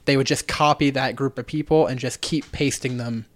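A man co-hosting a casual movie podcast, sharing trivia and swearing freely in relaxed chat. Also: mid-range voice, moderate pace, a little hiss or hum. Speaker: podcast co-host.

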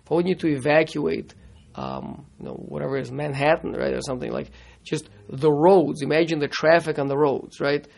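Torah teacher, man, gravelly and slightly high voice, halting delivery with Hebrew phrases. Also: lively intonation, darkish tone. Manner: halting, repeats words, mixes in Hebrew terms. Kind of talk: classroom Torah lesson.

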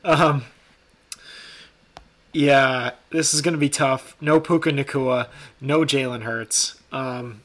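Man, podcast co-host, casual chat, teasing, jokey, bright tone. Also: mid-range voice, fairly even intonation, slow, pauses often.

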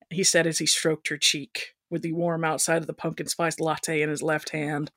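A woman's voice: deep voice, lively intonation, moderate pace, fairly bright tone, no room sound, studio quality. A woman co-hosting a casual comedic review, reading excerpts aloud and giggling between quips. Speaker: podcast co-host. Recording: home recording with thumping from upstairs.

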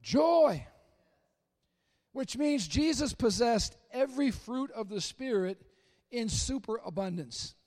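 A man preaching a sermon in an animated way, acting out the voices of Bible figures and shouting at the high points. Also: big-room sound. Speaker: pastor.

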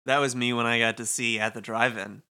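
A man's voice: medium pitch, level tone, a little fast, pushed and bright, smooth. A man co-hosting a casual chat, talking loosely and laughing often as he reads lines aloud. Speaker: podcast co-host. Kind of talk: casual chat, reading game dialogue aloud.

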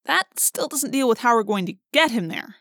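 A woman's voice: fairly high pitch, expressive, moderate pace, fairly bright tone, no echo, clean studio sound. A woman reading an audiobook, voicing a wisecracking, sarcastic teenage boy. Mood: wry. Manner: sarcastic, joking.

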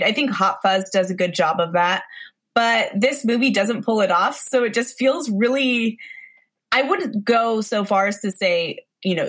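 A woman's voice: a little high, a bit bright. A woman co-hosting a podcast, chatting casually about a bad movie with sarcastic disbelief and lots of "like" fillers. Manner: sarcastic, incredulous, many "like" fillers. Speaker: podcast co-host. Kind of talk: casual movie review chat.

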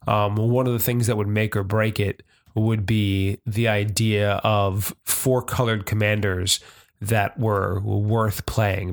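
A man co-hosts a relaxed podcast chat and steers the talk along. His voice sits fairly low and sounds nasal and congested from a cold. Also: vocal fry. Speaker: podcast co-host.

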